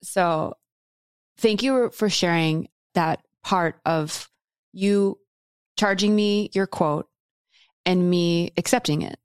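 Low, earnest woman podcast host. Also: slow pace, pauses often, clean tone, no room sound, clean studio sound. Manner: earnest, emphatic, repeats for emphasis. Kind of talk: heartfelt conversation.

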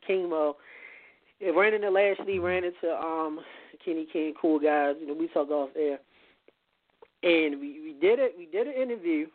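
A man's voice: on the high side, normal speed, no room sound. A man as a podcast guest in casual chat, rambling and repeating words as he goes. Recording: tinny phone-like line.

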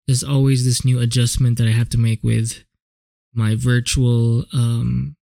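A man talks alone on his own podcast in a loose, rambling way, dropping curse words and restarting his sentences as he goes. His voice sits at an ordinary pitch with a gravelly edge. The sound is close and dry, with no room around it. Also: flat delivery, unhurried, warm tone, dry recording. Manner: casual, rambling, swears freely, frequent self-corrections. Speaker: podcast host. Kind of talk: solo reflective podcast monologue. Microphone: home podcast microphone.

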